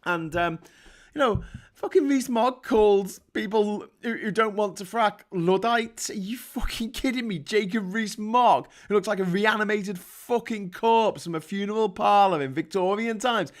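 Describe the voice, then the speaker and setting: A man's voice: high-pitched, moderate pace. A British man hosting a livestream, reading out chat and ranting about politics, heated, sarcastic and constantly swearing. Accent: British English. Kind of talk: casual political rant.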